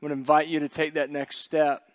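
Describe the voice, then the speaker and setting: A pastor preaches a sermon conversationally, tossing in joking asides and acting out what people might have said. His voice is fairly high and level, fairly quick, and free of echo.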